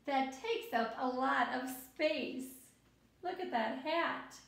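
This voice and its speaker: A woman with a high, bright voice reads a picture book to little children, slow and unhurried. She is gentle and expressive, stopping to point things out to her young listeners. The room adds a noticeable echo. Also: gravelly. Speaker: children's story time reader.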